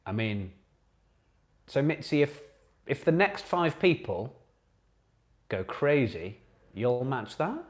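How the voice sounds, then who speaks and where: A man hosting a live online pub quiz for charity, chatty and animated, breaking into sung quote answers now and then. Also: mid-range voice, slow, long pauses.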